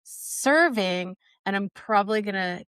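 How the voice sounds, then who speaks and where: A woman hosting a podcast, chatty and enthusiastic, often pausing on fillers as she introduces her guest. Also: medium pitch, animated, fairly bright tone, clear, resonant tone, no echo, clean studio sound. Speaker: podcast host, dog trainer. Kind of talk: casual interview chat.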